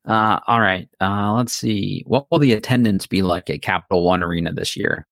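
A man's voice: lowish voice, normal speed, vocal fry, a bit bright. A man hosting a casual sports podcast chat, blunt and opinionated. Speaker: podcast host.

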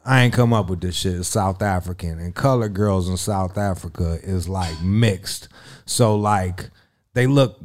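A man's voice: low-pitched, unhurried, slight background noise. Crude boastful man telling stories. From Italian heritage. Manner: crude, boastful storytelling with loud bursts. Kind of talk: casual chat.

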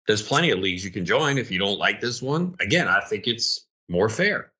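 A man's voice: lowish voice, expressive, normal speed, few pauses, sharp tone. A young man co-hosting a casual podcast chat, ranting heatedly as a league commissioner.

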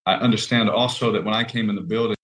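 A man in his thirties, a football player, answering questions in a measured, conciliatory way with plenty of fillers. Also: on the low side, fairly even intonation, fairly bright tone. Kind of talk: interview answer.

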